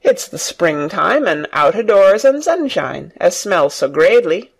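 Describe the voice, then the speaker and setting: A reader voicing a young girl who proudly tries out a broad country dialect, speaking slowly and playfully. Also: medium pitch, lively intonation. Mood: teasing.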